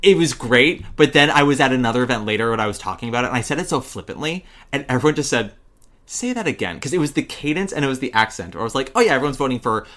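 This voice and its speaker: A man hosting a podcast, telling gossipy stories in animated casual chat with quick laughs. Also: medium pitch. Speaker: podcast host.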